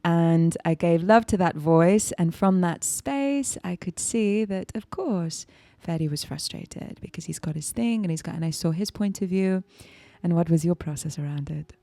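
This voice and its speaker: A woman co-hosting a casual podcast, talking in a soft, reflective, heartfelt way. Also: lowish voice, normal speed, few pauses, dry recording. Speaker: podcast co-host.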